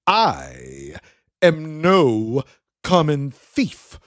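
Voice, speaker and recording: Man doing a suave blue alien gentleman thief, condescending, lively swooping pitch, dry storybook voice. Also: extremely slow, no room sound, heavily acted. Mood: haughty. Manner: theatrical, condescending, says "my dear".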